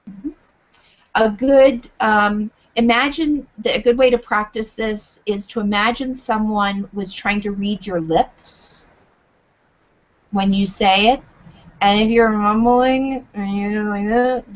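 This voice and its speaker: Slow, deliberate woman yoga trainer. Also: mid-range voice, dull audio. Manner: clear, deliberate instructing. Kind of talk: live online teacher training.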